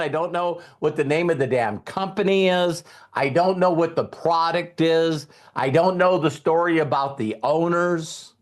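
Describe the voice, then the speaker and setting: Man telling a motivational story. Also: a little high. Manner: retells dialogue, halting repeats, emotional. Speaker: network marketing trainer.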